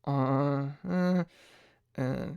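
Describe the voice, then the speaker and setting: A man's voice: medium pitch, very slow, gravelly, a little mellow, clean tone, dry recording, dull audio. A man hosting a live-stream podcast in loose, rambling casual chat. He thinks aloud while looking things up and laughs often. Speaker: livestream podcast host.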